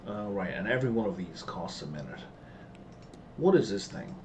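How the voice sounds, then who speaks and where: A man's voice: fairly low pitch, expressive, moderate pace, far from the mic, noisy background. A man commenting as he plays a game and reads its dialogue aloud, with wry, skeptical asides. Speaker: game streamer. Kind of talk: let's play commentary and reading dialogue.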